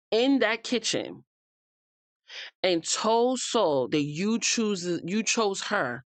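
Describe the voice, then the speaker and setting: A heated American woman recapping reality TV, blunt and unfiltered, swearing as she talks straight at the people on screen. Her voice sits at a middle pitch and sounds close and dry, with no room around it. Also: no room sound. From United States. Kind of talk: opinionated casual recap.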